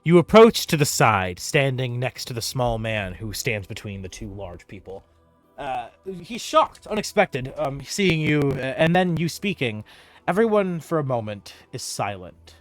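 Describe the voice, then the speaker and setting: A young man narrating as game master, animated and chatty with fillers, on a close mic. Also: mid-range voice, unhurried, soft background music.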